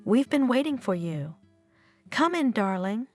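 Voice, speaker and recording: A woman's voice: a little high, big pitch swings, unhurried, darkish tone, faint music behind. A woman reading the part of a pushy, meddling older mother who nags her son. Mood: sweet. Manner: insistent, nagging.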